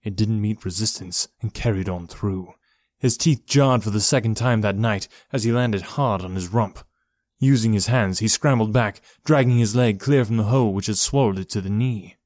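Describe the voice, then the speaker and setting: A man giving a steady, measured reading of a horror story as narrator. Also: fairly low pitch, no echo. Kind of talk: scripted horror audiobook narration.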